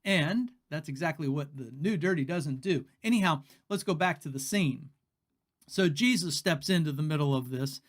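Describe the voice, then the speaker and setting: A man's voice: fairly high pitch, animated, moderate pace. A man teaching the Bible in a casual, folksy way, chatty and laughing at his own jokes.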